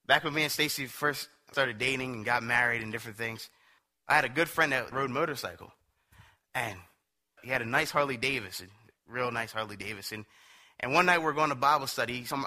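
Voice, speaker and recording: A man's voice: medium pitch, fast. A man preaching a sermon in a conversational, storytelling way, often slipping into quotes from others. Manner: conversational storytelling, quoting others in animated asides.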